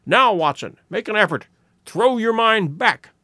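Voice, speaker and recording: Guy reading as a sharp excited detective, high lively voice, dry close sound. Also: no echo, exaggerated voice. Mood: excited, insistent. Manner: brisk, emphatic deductions. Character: keen eager male detective, sharp, excitable. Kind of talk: dramatic audiobook reading.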